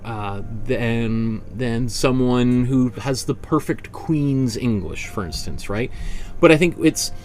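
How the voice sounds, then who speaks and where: A man leads a relaxed online painting lesson, speaking casually with plenty of fillers. He drifts into side stories and catches himself mid-sentence, keeping an informal, conversational teaching tone. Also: medium pitch, slow pace, soft background music. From Canada. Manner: rambling, self-correcting, chatty with frequent fillers. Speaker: art instructor.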